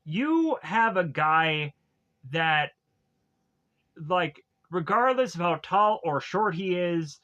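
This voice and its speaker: A male streamer with a bright, slightly raised voice, rambling loosely through a movie recap. He talks casually and piles in fillers and tangents. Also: sits high, animated, takes it slowly, highs cut off. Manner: rambling, full of fillers and laughs.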